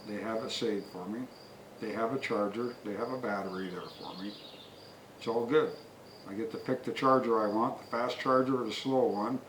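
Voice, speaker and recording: A man with a fairly low, evenly inflected voice rambles through a folksy story at a moderate pace before getting to a review of something he purchased. The recording is noisy, echoey, and far from the mic, made outside where crickets and insects chirp faintly.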